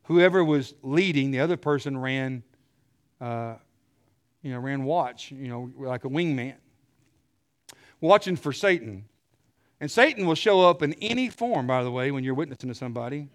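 A middle-aged man preaching a sermon, telling stories with animated energy and clearing his throat often. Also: mid-range voice, normal speed, long pauses.

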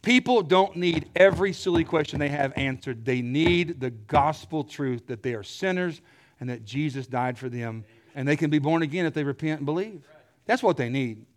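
A middle-aged man preaching a sermon, telling stories with animated energy and clearing his throat often. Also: a little high.

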